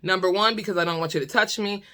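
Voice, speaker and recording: A woman vlogger telling a comedic story in a casual, animated, exasperated way, swearing freely. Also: mid-range voice, fast.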